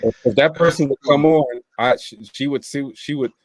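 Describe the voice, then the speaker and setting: A man's voice: medium pitch, moderate pace, no echo. A man hosting a casual livestream chat, telling stories with playful teasing. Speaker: host.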